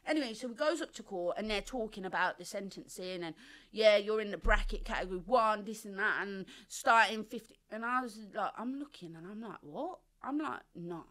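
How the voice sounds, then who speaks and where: A woman, telling her life story as a guest on an interview show in animated, slangy talk, acting out the people she quotes. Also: medium pitch, fairly quick. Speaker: podcast guest.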